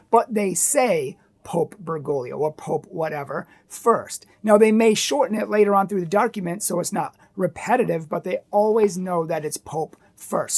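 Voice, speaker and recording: A woman's voice: fairly low pitch, creaky, darkish tone. A woman giving earnest, emphatic opinion commentary, full of rhetorical questions.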